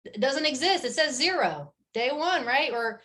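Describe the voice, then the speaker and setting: Animated high-voiced motivational woman. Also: normal speed. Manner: animated, emphatic, speaks candidly and directly. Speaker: network marketing team leader. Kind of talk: motivational talk to her team.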